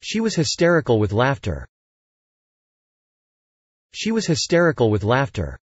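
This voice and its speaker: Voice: medium pitch, very animated, measured pace, pauses often, darkish tone, breathy edge, dry recording, dull audio. An English teacher reading short practice phrases, saying each one several times with careful pacing. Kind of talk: slow, repeated practice phrases.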